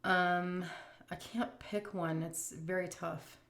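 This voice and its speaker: A middle-aged woman food vlogger telling a story and answering questions in a chatty, animated way full of fillers. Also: lowish voice, slow. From United States. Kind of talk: casual storytelling and Q&A.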